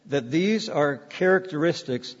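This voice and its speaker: Male pastor, sermon, storytelling, slightly high voice, long church reverb, muffled lo-fi sound. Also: a little slow. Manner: storytelling, leads congregation in reading aloud. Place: church sanctuary.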